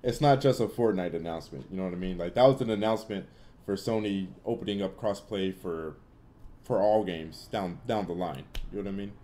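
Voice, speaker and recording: A young man hosts a laid-back livestream Q&A, answering viewers with blunt, opinionated takes and loose, rambling filler. His voice sits low, and its tone is dark and mellow. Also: brisk. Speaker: livestream host answering chat. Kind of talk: casual Q&A livestream chat.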